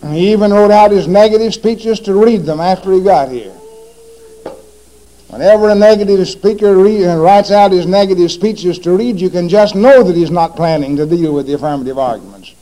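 A man's voice: high voice, brisk, warm tone, poor audio. A man giving a formal religious debate speech, pressing his opponent with repeated rhetorical questions.

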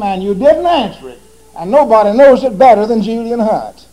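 Guy in a church debate, high mellow voice, keeps hammering the same question at the other side. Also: lively intonation, moderate pace, low-quality recording. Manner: emphatic, hammering repeated rhetorical questions at his opponent. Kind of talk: formal religious debate speech.

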